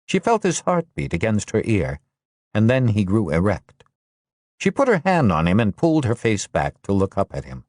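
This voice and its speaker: A man with a lowish voice narrates a war novel in a steady, measured way, letting his pitch move freely across each sentence. The sound is close and dry, with no room around it. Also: no echo. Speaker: audiobook narrator. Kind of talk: scripted narration.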